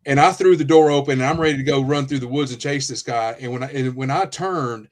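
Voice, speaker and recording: A former police officer telling a story on a podcast, animated, acting out what people said and often restarting his sentences. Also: mid-range voice, quick pace. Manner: animated storyteller, acts out quotes, frequent restarts. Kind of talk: casual storytelling in a podcast interview.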